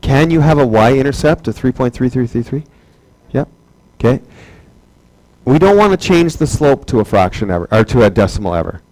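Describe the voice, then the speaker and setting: A man's voice: medium pitch, lively intonation, moderate pace, darkish tone, dry recording, low-quality recording. A man teaching a math class, chatty and joking, asking rhetorical questions over and over. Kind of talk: classroom lecture.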